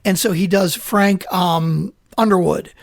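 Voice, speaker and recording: A man co-hosting a podcast in casual chat, excitable and rambling, swearing freely. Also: high voice, measured pace, gravelly, no echo, studio quality. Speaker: podcast co-host.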